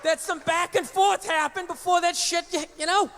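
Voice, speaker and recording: A man's voice: very high voice, steady tone, moderate pace, long reverb tail, music in the background, crowd noise. A man doing a stand-up routine, ranting with lots of swearing and switching into mocking voices. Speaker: stand-up comedian. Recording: noisy recording of a live stand-up set.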